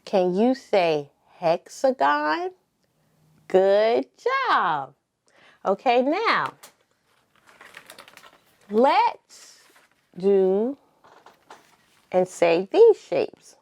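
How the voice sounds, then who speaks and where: Slow, lilting preschool teacher woman. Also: medium pitch, big pitch swings. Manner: slow, drawn-out prompting with call-and-response pauses; sing-song, encouraging. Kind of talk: circle time lesson for toddlers.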